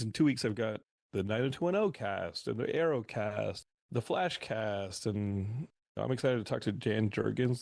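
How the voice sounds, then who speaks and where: A man on a podcast as a guest, telling animated stories in a casual interview. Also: fairly low pitch, vocal fry, no room sound. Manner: animated anecdotal storyteller.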